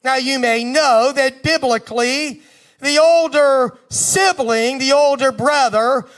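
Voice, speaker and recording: A man's voice: extremely high pitch, takes it slowly, fairly bright tone. A man preaching a sermon, retelling a scripture story with emphatic repetition and asides to the congregation.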